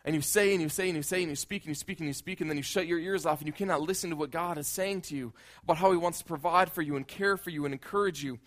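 A man's voice: a little high, rapid-fire, hardly any pauses, a bit bright. A male pastor preaching a conversational sermon, often repeating words as he builds a point.

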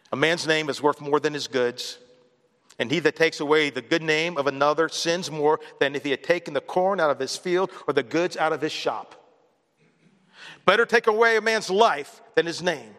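Male pastor, bright forceful delivery, conversational sermon storyteller, long hall reverb. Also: on the high side. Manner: conversational storytelling preacher, mimics others with a raised voice.

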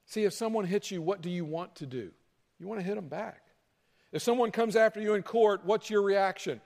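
A man with a high voice preaches in a casual, conversational way. Now and then he acts out a heated argument to make his point. The sound carries a long reverb from a large church hall. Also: fairly quick, vocal fry, darkish tone. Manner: conversational preaching, acting out angry quarrels with rising pitch. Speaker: pastor. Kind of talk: sermon.

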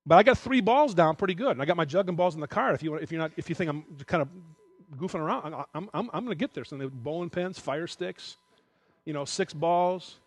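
A man's voice: on the high side, lively intonation, brisk, no echo. A middle-aged man giving a sermon in a candid, conversational way, at times emotional. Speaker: preacher.

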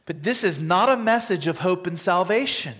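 A man preaching a sermon, dramatic and vivid, acting out the scripture quotes with big shifts between loud and quiet. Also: sits high, animated, normal speed. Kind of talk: expository sermon. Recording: long reverb from a large hall.

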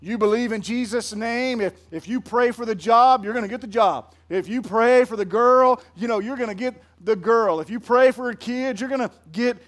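A man preaching to his congregation in a high voice. He talks in an easy, conversational way and keeps putting questions to the crowd. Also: normal speed, few pauses, fairly bright tone. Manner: conversational, quizzes the audience with questions. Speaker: pastor. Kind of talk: sermon.

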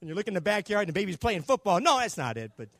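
An older man preaching a Pentecostal sermon, telling a story and acting out the dialogue, going from hushed to shouting. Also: high voice, sing-song, racing, dry recording. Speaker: pastor.

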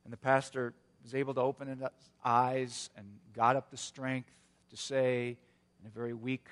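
A male pastor giving a sermon in an earnest storytelling manner, with a touch of gentle humor. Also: mid-range voice, flat delivery, moderate pace, long reverb tail.

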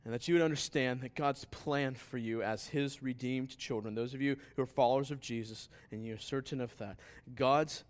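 A man preaching a sermon in a relaxed, conversational way, with asides to the congregation. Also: mid-range voice, moderate pace, few pauses. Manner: conversational preaching that rises to emphatic scripture reading. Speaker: pastor.

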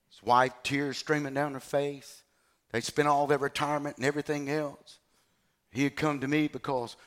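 A man preacher delivering a sermon, swinging between shouting and hushed tones, calling the congregation to respond. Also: medium pitch.

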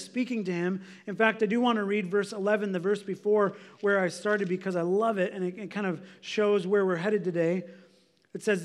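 A man's voice: high-pitched, a bit bright. A man preaching a sermon, earnestly reading scripture and acting out quoted prayers with emphasis. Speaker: pastor.

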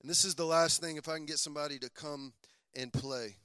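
A male pastor preaching a lively sermon, calling on his congregation to repeat lines after him. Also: fairly high pitch, fairly quick, clear, resonant tone, dry recording.

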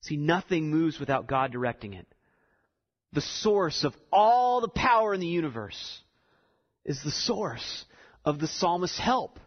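A man's voice: sits high, big pitch swings, measured pace. A man preaching a sermon, explaining a text and building to emphatic repeated lines. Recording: dull sound with long reverb in a hall.

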